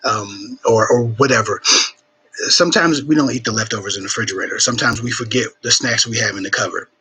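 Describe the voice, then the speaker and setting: A man hosting a live Q&A, giving frank dating advice in casual chat, swearing freely and filling pauses with ums, sniffling a bit, streaming from home. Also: mid-range voice, sharp tone, slightly rough, poor audio. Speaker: relationship advice livestream host.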